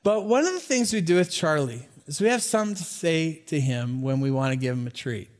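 Middle-aged man, pastor in the pulpit, high voice, storytelling sermon with asides and chuckles. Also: fairly quick. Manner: storytelling, animated with asides and small laughs.

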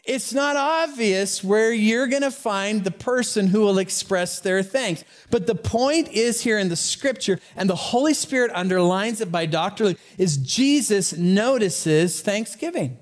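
Middle-aged man, pastor in the pulpit, high voice, storytelling sermon with asides and chuckles. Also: unhurried, few pauses. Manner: storytelling, animated with asides and small laughs.

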